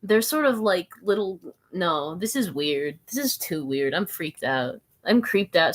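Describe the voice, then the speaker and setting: A woman's voice: lowish voice, lively intonation, unhurried. A woman from the American South rambling through a live stream, giggling, mocking herself and answering viewer comments. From Southern United States.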